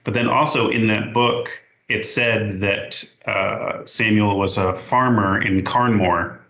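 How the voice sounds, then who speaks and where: A man in his forties, a podcast guest, telling a story in a halting, unhurried way and stopping to correct himself. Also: lowish voice, fairly even intonation, pushed and bright, reverberant, poor audio. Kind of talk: casual storytelling.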